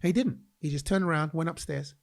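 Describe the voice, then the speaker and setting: Gravelly man telling his story. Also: fairly high pitch, quick pace. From England. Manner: animated, acts out quoted voices, laughs mid-story. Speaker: guest. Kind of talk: personal storytelling in a podcast interview.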